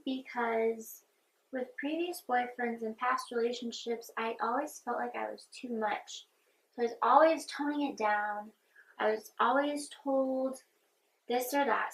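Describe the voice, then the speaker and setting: A woman's voice: a little high, unhurried, fairly bright tone, rough recording. A young woman vlogger in casual get-ready-with-me chat, talking in a chatty, heartfelt and earnest way.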